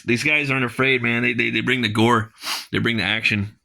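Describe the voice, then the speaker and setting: A man's voice: medium pitch, flat delivery, fairly quick, vocal fry, pushed and bright. A man casually reviewing a comic page by page, rambling with lots of fillers and reading dialogue aloud.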